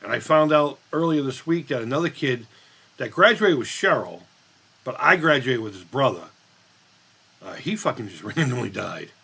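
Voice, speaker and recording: A man's voice: mid-range voice, lively intonation, moderate pace, gravelly, bright, forceful tone, husky. A man in his fifties hosting a casual live-stream chat, rambling, blunt and profane as he reads the chat. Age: 50s.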